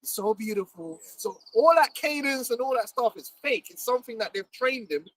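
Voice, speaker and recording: A man, chatting casually as host in an animated, slangy way, laughing often. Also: extremely high pitch, moderate pace. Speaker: livestream host. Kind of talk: casual chat. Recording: distant mic, faint background noise.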